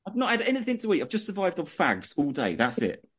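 A young man, a guest on a casual chat show, telling animated anecdotes and laughing through them. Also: high-pitched, quick pace, husky. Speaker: guest, music promoter.

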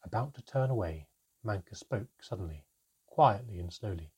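Husky-voiced man narrating a story. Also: lowish voice, lively intonation, moderate pace, darkish tone. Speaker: audiobook narrator. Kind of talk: first-person storybook narration.

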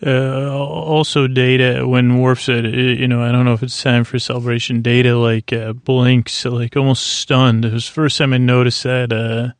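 A man's voice: mid-range voice, level tone, normal speed, hardly any pauses, no room sound. A man hosting a podcast, giving a meandering recap of a TV episode to help listeners fall asleep, full of fillers and restarts. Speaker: podcast host. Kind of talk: rambling TV episode recap for sleep.

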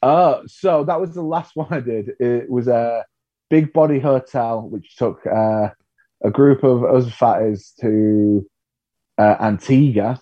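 A man's voice: mid-range voice, takes it slowly, dry recording, highs cut off. A male comedian, telling stories candidly and with self-deprecating humour in a podcast interview. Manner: self-deprecating, animated storytelling. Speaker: comedian guest.

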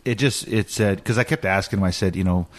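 A man in his thirties calmly talking through how he handled his son's sadness, with frequent restarts. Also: deep voice, a little fast, no room sound. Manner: calm, reflective, many restarts. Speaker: podcast co-host, father. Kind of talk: casual chat.

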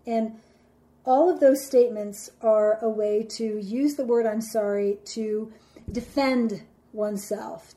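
A woman with a fairly high, mellow voice teaching a lesson. She lays out her points in a measured order. She turns dramatic whenever she acts out an example. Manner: measured, explains step by step. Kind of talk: instructional talk.

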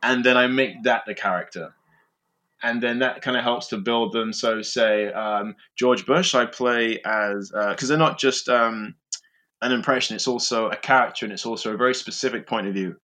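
Guest, male improviser, thoughtful, halting delivery, average pitch. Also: sharp tone. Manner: reflective, explains step by step with many fillers. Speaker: improviser and impressionist. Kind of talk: casual interview talk.

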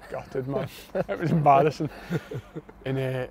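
A young Scottish man spinning a blunt, swear-heavy story about the dressing room. His voice sits at an ordinary middle pitch. A faint hum of traffic runs behind him. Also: measured pace, darkish tone. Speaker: footballer. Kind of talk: casual chat.

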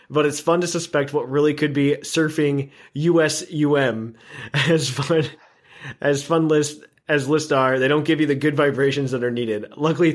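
A man hosting a casual podcast, upbeat, running segments and reading listener email aloud. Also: a little high. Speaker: podcast host.

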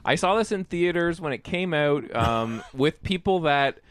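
A man's voice: on the high side, expressive, a little slow, clean tone, no echo. A man in a casual film chat, telling an anecdote, laughing easily and restarting his sentences. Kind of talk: casual movie discussion.

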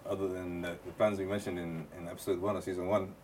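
A man's voice: low voice, flat delivery, fast, a little mellow. A man hosting a casual book podcast, talking loosely with restarts and fillers. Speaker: podcast host. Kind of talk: casual chat. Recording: distant mic with faint noise.

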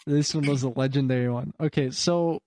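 A man's voice: mid-range voice, steady tone, brisk, darkish tone, no echo. A young man casually telling work stories, rambling, full of fillers and swearing. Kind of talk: casual chat.

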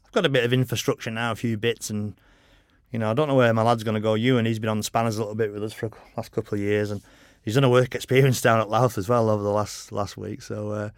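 A man's voice: fairly low pitch, level tone, fast, no echo. Middle-aged male racer guest, frank rambling storyteller who swears freely, dry close sound. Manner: rambling anecdotes, lots of "you know", frank and swearing. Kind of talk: casual podcast interview.

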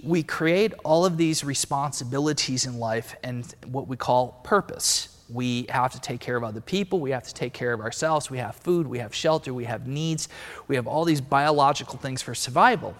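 A man giving a casual, meandering talk on spiritual ideas, thinking aloud as he explains. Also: mid-range voice. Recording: long reverb, echoey room.

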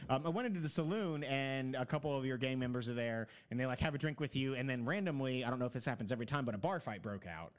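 A man's voice: mid-range voice, quick pace, few pauses. A man in casual chat, telling long rambling stories about a video game with many fillers.

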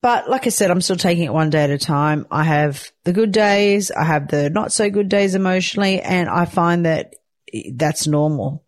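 A woman's voice: lowish voice, moderate pace. A sleep-deprived new mother talking candidly in a casual weekly chat, swearing lightly and laughing often. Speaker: weekly vlogger, new mother of twin boys.

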